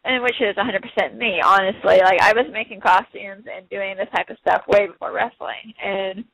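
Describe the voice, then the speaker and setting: A woman's voice: mid-range voice, fairly even intonation, moderate pace, gravelly, fairly bright tone, no echo, low-quality recording. A young woman in a casual interview, talking in a bubbly, quirky way and laughing often. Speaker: interview guest, wrestler. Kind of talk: casual chat.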